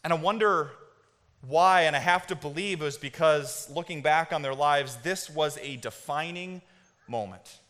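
A man preaching a sermon as pastor, moving between hushed and loud, excited storytelling, and asking the congregation to repeat words. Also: fairly high pitch. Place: church sanctuary. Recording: long hall reverb.

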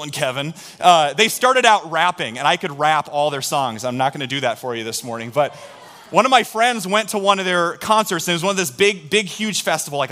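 Bright-voiced male pastor preaching. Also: a little high. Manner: storytelling, animated, drawing in the congregation. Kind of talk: sermon.

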